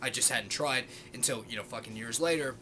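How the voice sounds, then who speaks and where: A man's voice: mid-range voice, fairly quick, pushed and bright, a little hiss or hum. A man in his late twenties giving a profane, rambling, heated monologue to the camera as a vlogger. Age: late 20s.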